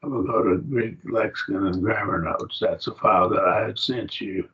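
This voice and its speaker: A man teaching a Bible Greek grammar class over a video call, explaining slowly and asking his students questions. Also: lowish voice. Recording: dull lo-fi call audio.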